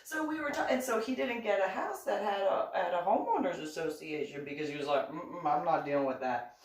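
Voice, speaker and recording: A woman vlogger telling a story in a casual monologue, indignant and animated, acting out the dialogue. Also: fairly low pitch, a little fast. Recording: roomy echo, voice far from the mic.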